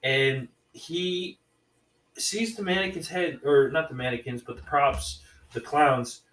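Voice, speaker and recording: A man's voice: on the high side, slow, a bit bright, distant mic, slight background noise. Rambling man recapping a movie, echoey. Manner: rambling, lots of restarts and "man". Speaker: podcast co-host reviewing movies.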